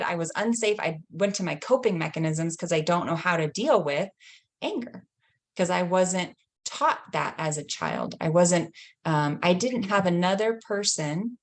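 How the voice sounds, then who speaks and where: A woman in her thirties, a healing coach, talking gently and reflectively and sharing a story from her own family life. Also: medium pitch. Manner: gentle, reflective, laughs lightly between thoughts. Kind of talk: casual teaching talk with personal story.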